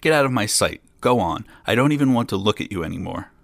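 A man's voice: fairly low pitch, lively intonation, fast talker, creaky, no room sound, studio quality. A man voicing a stern, exasperated father who scolds his foolish son.

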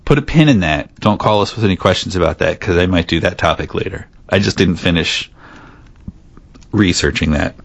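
Man, podcast co-host, casual rambling chat, teasing, very deep lively pitch, dry close sound. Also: fairly quick, vocal fry, no room sound. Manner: rambling, teasing, many fillers.

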